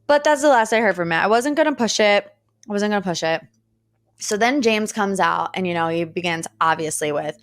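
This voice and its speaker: A woman's voice: mid-range voice, normal speed, no echo, studio quality. A woman in her thirties hosting a podcast, telling stories in a chatty, dramatic way. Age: 30s. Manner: chatty, dramatic, animated storytelling. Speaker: podcast host. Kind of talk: casual solo chat. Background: faint weed whacker outside.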